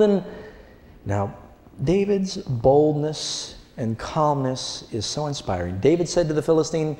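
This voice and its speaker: A male preacher giving an animated sermon, telling the story with acted-out voices and questions to the congregation. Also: a little high, a little slow. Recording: echoey hall.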